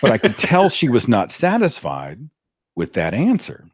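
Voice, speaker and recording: A man telling a personal story in a dramatic, animated way, as a guest on an interview. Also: mid-range voice, moderate pace, no echo, clean studio sound. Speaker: podcast host, guest. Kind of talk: anecdotal storytelling.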